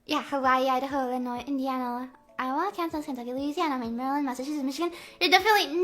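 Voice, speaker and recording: A woman's voice: high voice, very fast, hardly any pauses, fairly bright tone, soft background music. A young woman streamer chatting casually and playfully on a live stream, full of valley-girl fillers.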